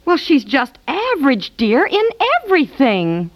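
A chatty, fluttery housewife and mother with a slightly high voice, in a 1950s radio comedy. She talks in quick asides and flusters easily. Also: wildly swooping pitch, dull audio, exaggerated voice. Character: fussing mother and housewife, middle-aged.

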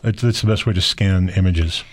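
A man's voice: low voice, normal speed. A man co-hosting a casual car podcast, teasing and self-mocking in a dry way. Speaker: podcast co-host. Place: home studio.

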